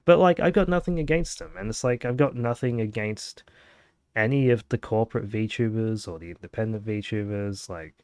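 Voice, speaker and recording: A young man talks loosely as a podcast host, full of fillers and restarts. His voice sits low and comes across smooth and resonant. The sound is dry and close. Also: moderate pace, darkish tone, no room sound. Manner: rambling, laid-back, many fillers. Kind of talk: casual chat.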